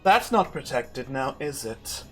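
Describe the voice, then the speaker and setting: A man's voice: mid-range voice, very animated, a little slow, faint music behind. A man voicing a sly female villain in a tabletop game who taunts in a falsely sweet way. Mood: mocking.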